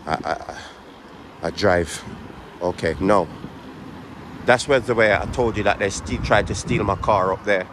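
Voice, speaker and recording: Low-voiced brummie guy walking and vlogging on his phone, a bit out of breath, faint traffic behind. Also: a little slow, long pauses. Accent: Birmingham English. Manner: chatty, joking, repeats phrases. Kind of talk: walking vlog, casual chat to camera. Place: outdoors on city streets.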